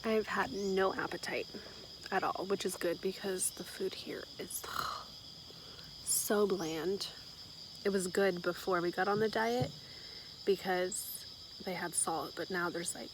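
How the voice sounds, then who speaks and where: A young woman talking casually to her camera in a video diary, often dropping to a whisper and saying "like" a lot. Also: mid-range voice. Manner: soft-spoken, often whispering, many "like" fillers. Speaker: vlogger. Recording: clear outdoor insect noise.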